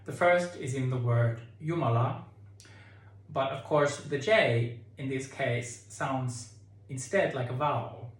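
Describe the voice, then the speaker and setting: Slow, echoey male choir director. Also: medium pitch. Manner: explains calmly, sings phrases to demonstrate. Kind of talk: choir singing tutorial. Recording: echoey room with keyboard.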